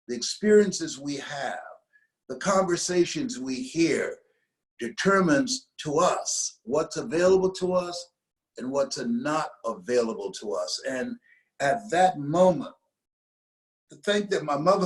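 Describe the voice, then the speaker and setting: An older man from the United States, an interview guest telling a motivational story, slowing down to stress key phrases. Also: on the high side, rough recording.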